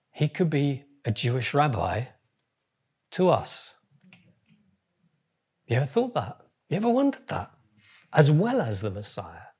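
A man preaching a sermon, swinging from quiet, careful reading to loud calls to the crowd. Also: mid-range voice, husky.

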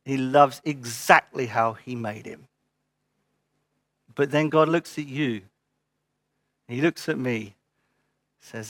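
A man's voice: mid-range voice, takes it slowly, long pauses, fairly bright tone, no echo. A man preaching a sermon as pastor, earnest and emphatic, repeating short phrases, then giving church notices.

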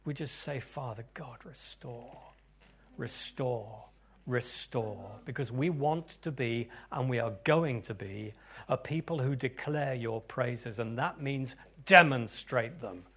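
A pastor leading a congregation in a sermon and prayer, dropping to near-whispers and then rising to loud, fervent declarations. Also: male voice, mid-range voice, a little slow.

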